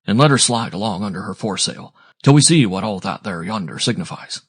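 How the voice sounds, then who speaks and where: A man reading a steady old sea captain. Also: lowish voice, fairly quick, husky. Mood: calm. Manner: plain-spoken, calm seaman's dialect. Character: steady weathered male ship captain.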